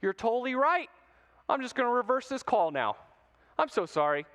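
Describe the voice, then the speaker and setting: A man's voice: very high voice, big pitch swings, normal speed, a bit bright, pitched above the performer's own voice, exaggerated voice. A man voicing a male sports referee who meekly gives in and apologizes, in a long-reverb hall. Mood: conceding. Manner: meek, conceding.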